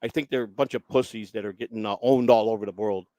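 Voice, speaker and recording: A man's voice: on the low side, fairly even intonation, quick pace, warm tone, no echo. A man telling his own story as a guest in blunt, profane casual talk, acting out what other people said. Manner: blunt, swears constantly, acts out other people's lines.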